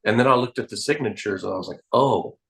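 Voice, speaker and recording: Magician guy spinning stories in an interview, lowish voice, lively telling. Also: rapid-fire, vocal fry, rough recording. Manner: animated anecdotal storyteller. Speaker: magician guest. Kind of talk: interview storytelling.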